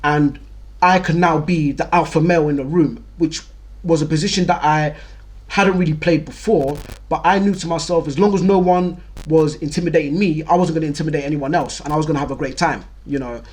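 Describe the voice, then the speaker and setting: A man's voice: on the high side, fairly even intonation, brisk, darkish tone. A young man telling a personal story in a candid, vivid way, repeating words for emphasis. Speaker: storyteller host.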